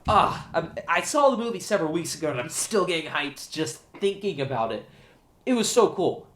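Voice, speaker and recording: A man hosting his own show, giving an excited, gushing solo movie review. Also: a little high, moderate pace, slight background noise. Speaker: show host, film reviewer.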